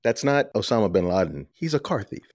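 A man's voice: fairly low pitch, sing-song, fairly quick, a little mellow, dry recording, studio quality. A man as a guest in a casual film review chat, blunt and exasperated. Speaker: podcast guest. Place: studio.

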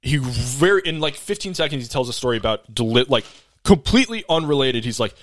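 A man's voice: mid-range voice, expressive, brisk, no room sound. Laid-back swearing young man telling a story. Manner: laid-back, profane, rambling. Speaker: podcast co-host. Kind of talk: casual storytelling chat.

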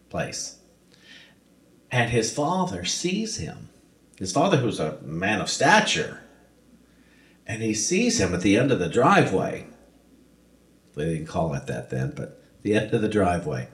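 A man's voice: lowish voice, a bit bright. A male preacher retelling a parable in a sermon, with emphatic repetition. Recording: roomy echo.

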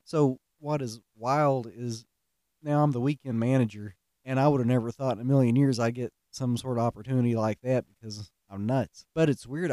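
A man's voice: medium pitch, mellow, dry recording, clean studio sound. A middle-aged man, telling stories in a folksy, self-mocking way and laughing at his own pranks. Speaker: podcast host. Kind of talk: casual storytelling monologue.

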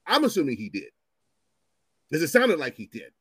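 A man in his fifties, a storyteller guest, speaks in a fairly high, slightly rough voice at normal speed with no room sound. In casual chat he tells profane stories animatedly, acting out the voices of the people in them.

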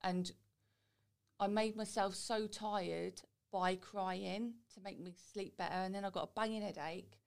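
A woman's voice: mid-range voice, fairly even intonation, a little slow, creaky, clear, resonant tone. A woman guest telling her own story in a chatty, candid way. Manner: chatty, quotes people in little voices.

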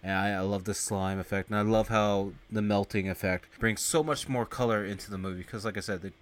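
A man hosts a casual movie podcast, talking at an easy, ordinary pitch. He recaps in a loose, rambling way with plenty of filler words. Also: fairly even intonation, brisk. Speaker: podcast host.

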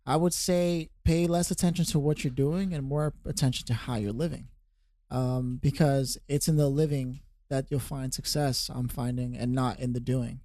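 A man's voice: medium pitch, steady tone, moderate pace, warm tone. A man co-hosting a podcast, musing and philosophizing in a loose, filler-heavy way. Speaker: podcast co-host. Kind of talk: casual podcast chat.

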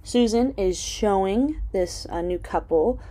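A woman's voice: mid-range voice, lively intonation, measured pace, dark tone. A woman casually recapping a TV episode, chatty with lots of "um" and "like" and some swearing. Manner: chatty, full of "um" and "like", swears freely. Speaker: TV episode reviewer.

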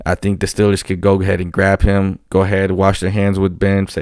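Profane, animated man ranting. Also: deep voice, brisk, no echo, studio quality. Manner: animated, profane, rambling with restarts. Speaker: football fan commentator. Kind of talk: casual monologue.

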